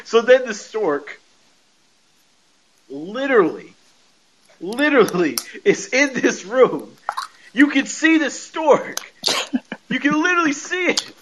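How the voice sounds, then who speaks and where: A man chats through a casual podcast recap in a high voice. His tone is bright and forceful, and he tells the story animatedly with frequent laughs. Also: very animated, takes it slowly, long pauses, slight background noise, low-quality recording. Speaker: podcast host.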